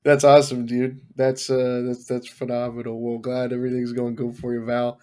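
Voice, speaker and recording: Young male host, casual and upbeat, mid pitch, lots of fillers. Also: completely flat delivery, normal speed, dark tone. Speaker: podcast host. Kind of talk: casual chat.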